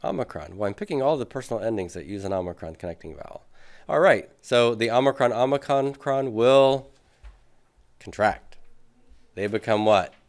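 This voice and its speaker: A man's voice: medium pitch, lively intonation, moderate pace. A man teaching a Greek grammar class, patiently working through examples at the board and asking his students questions. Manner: patient, thinks aloud with many fillers, asks students questions. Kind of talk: classroom lecture.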